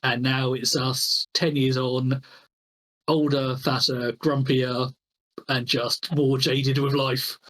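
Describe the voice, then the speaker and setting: A man, a game store owner, chatting as a guest on a podcast over a video call, telling animated self-mocking stories and laughing often. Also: medium pitch, slow, low-quality recording.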